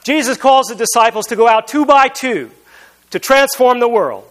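A man's voice: extremely high pitch, moderate pace. A man preaching a sermon as pastor, telling humorous, self-deprecating stories.

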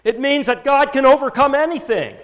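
A man preaching a sermon, telling Bible stories with animated emphasis that rises toward his points. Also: very high voice, a little fast. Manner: animated storytelling, rising with emphasis. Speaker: pastor.

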